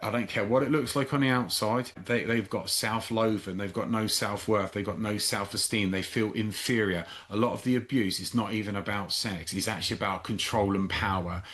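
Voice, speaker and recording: A man's voice: lowish voice, steady tone, normal speed, few pauses, a bit bright. A man hosting a podcast interview who works as a therapist, talking bluntly and directly. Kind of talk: conversational interview.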